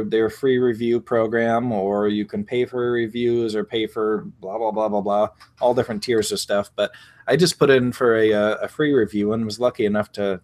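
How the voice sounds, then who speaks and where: A man's voice: medium pitch, a little mellow. Chatty rambling male show host. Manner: chatty, rambling, laughs easily. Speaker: podcast host. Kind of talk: casual chat.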